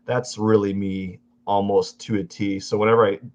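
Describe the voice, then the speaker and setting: Rambling low-voiced man live-streaming. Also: little pitch movement, normal speed, a little mellow. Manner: rambling, chatty, self-correcting. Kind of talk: casual live-stream chat while drawing. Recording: dull lo-fi audio.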